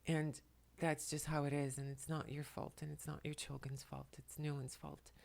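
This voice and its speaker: A tearful woman at home, speaking to the camera in a soft, halting way while relaying messages, often dropping to a whisper. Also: sits low, level tone, gravelly. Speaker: spiritual channeler and makeup vlogger. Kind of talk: emotional channeling talk to camera. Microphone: camera mic, speaking to the camera.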